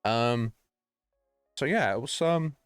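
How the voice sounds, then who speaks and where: A man's voice: medium pitch, animated, slow, smooth, no room sound, studio quality, faint music behind. A man streaming and chatting casually with his viewers, rambling, joking and laughing often.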